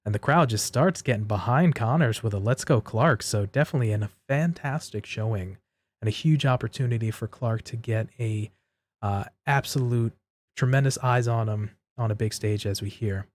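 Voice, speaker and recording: A man's voice: medium pitch, moderate pace, a little mellow. A man co-hosting a wrestling podcast, recapping matches casually and steadily, step by step. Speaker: podcast co-host.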